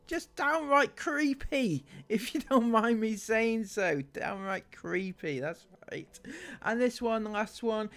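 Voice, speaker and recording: Man, sarcastic commentary, high voice, unhurried, swinging pitch, frequent laughs. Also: fairly bright tone. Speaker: commentary YouTuber.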